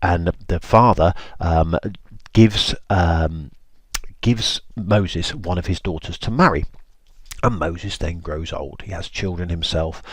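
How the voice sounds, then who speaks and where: A man's voice: low voice, slightly rough, dry recording. A man teaching a lesson, retelling a Bible story in an informal, chatty way.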